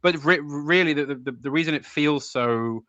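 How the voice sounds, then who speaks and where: Male guest on a video call, bright tense tone, dry close sound, excitable and halting. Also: on the high side, dry recording, highs cut off. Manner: hesitant restarts, excitable, quick bursts. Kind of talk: casual chat over a video stream. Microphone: desk mic on a video call.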